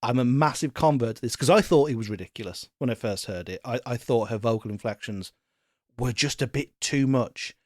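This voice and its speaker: Sweary, animated podcast co-host. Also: male voice, medium pitch, fairly quick, no echo, studio quality. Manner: animated, laughing often, sweary. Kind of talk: casual chat.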